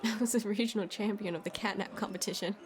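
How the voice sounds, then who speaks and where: A woman's voice: mid-range voice, fairly even intonation, quick pace. A young woman streaming live, chatting playfully with lots of giggles while she plays. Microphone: desk mic.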